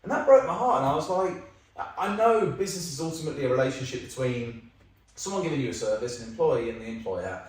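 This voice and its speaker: Man, podcast guest, lively storyteller, casual swearing, quick delivery, boomy reverberant room. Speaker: company founder and CEO, podcast guest. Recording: very echoey room, mic at a distance.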